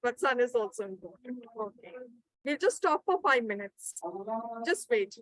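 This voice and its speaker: A woman's voice: fairly high pitch, expressive, moderate pace, a bit bright, dry recording, rough recording. A woman running a live webinar, reading out participants' answers and encouraging them. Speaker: webinar trainer. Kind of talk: live online teaching session.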